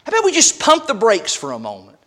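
A man's voice: extremely high pitch, huge pitch swings, fast, bright, forceful tone. A man preaching a sermon as pastor, emphatic and full of rhetorical questions.

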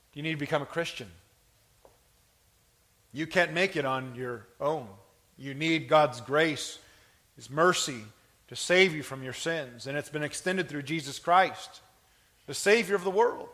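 A man's voice: fairly high pitch, unhurried, pauses often, fairly bright tone. A man preaching a sermon to a congregation, with emphatic delivery that swells and drops. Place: church.

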